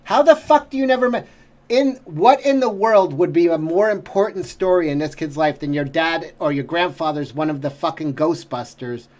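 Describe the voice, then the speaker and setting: Middle-aged male reaction host, exasperated and foul-mouthed, slightly raised pitch. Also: normal speed, darkish tone. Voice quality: swears constantly, exasperated. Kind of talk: profane ranting commentary.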